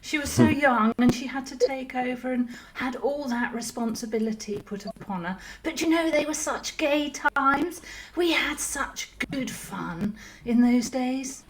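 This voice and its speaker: A woman's voice: sits high, a little slow, noisy background. A woman voicing a posh upper-class English lady socialite, with a put-on posh English accent, theatrical and gushing, calling everyone darling. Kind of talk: improvised role-play.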